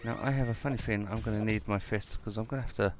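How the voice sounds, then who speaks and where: A man's voice: on the low side, fairly even intonation, racing, faint music behind. A man giving casual, rambling gameplay commentary and reading mission text aloud.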